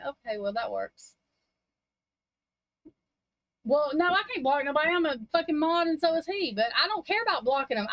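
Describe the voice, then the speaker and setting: A woman's voice: sits high, a bit bright, dry recording, poor audio. A woman chatting casually on a livestream in a rambling, blunt, heavily profane way. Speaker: livestream chat participant. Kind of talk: casual chat.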